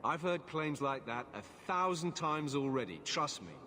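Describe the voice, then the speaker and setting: An actor playing a gruff, dismissive male city guard captain in a video game. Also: on the high side, expressive, moderate pace, pushed and bright, slight background noise. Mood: stern. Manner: curt, dismissive.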